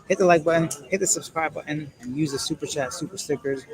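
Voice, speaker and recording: Busy airport crowd noise, chatter and PA announcements surround a Canadian man streaming live from a transit area on his phone. His voice is fairly high and quick over a rough recording, and he reads viewer comments with joking, rambling candor.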